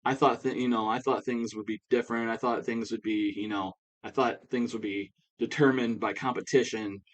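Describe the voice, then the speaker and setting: A man's voice: mid-range voice, steady tone, moderate pace, natural voice. Angry ranting woman wrestler, as a man puts her on. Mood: indignant. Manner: loud, indignant ranting. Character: angry woman wrestler demanding fair competition.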